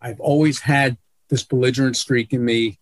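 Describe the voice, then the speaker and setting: A man's voice: medium pitch, fairly even intonation, moderate pace, dry recording. A man telling blunt, profane stories as a guest in an interview over a video call. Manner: blunt, profane, self-deprecating. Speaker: guest, sportswriter. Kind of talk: casual interview storytelling.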